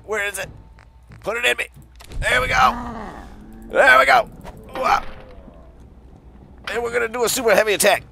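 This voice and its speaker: A man voicing a foul-mouthed, drug-addled wasteland junkie with excitable, rambling, profane game commentary. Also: extremely high pitch, normal speed, creaky, pauses often, a little hiss or hum, voice pushed up, heavily acted. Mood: excited. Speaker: game streamer. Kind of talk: role-play game commentary.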